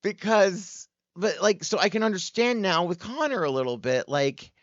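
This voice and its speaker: A man co-hosting a casual review podcast, talking in an animated way. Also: normal speed, no room sound, highs cut off. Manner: animated, jumps into high squealing impressions. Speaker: podcast co-host.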